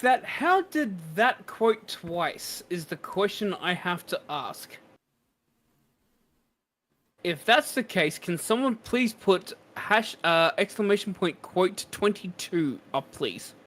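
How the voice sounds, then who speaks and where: A male streamer chats casually with his co-host while he troubleshoots his chat commands. His voice sits a little high, and he sounds exasperated but still laughs at the glitches. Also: very animated, slow, a bit bright.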